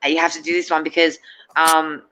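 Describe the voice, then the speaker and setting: A woman's voice: low-pitched, little pitch movement, fairly quick, pushed and bright, rough recording. A middle-aged woman, a guest in a casual chat, rambling and hesitant with many fillers and restarts.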